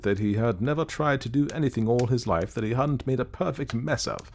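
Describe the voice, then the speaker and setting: A man narrating an old-fashioned ghost story in an expressive storytelling manner. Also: mid-range voice.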